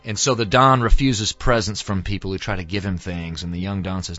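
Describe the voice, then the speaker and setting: Low-voiced guy rambling thru a movie plot, lots of uhs, muffled audio, faint music. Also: lively intonation, a little fast, hardly any pauses, a bit bright. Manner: rambling, many fillers. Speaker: student. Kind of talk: casual retelling of a film.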